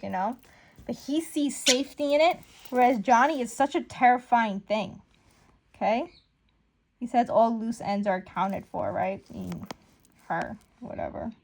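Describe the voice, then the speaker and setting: A woman casually recapping and commenting on a comic book from home, chatty and animated with lots of fillers. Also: fairly high pitch. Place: home room with a pet bird.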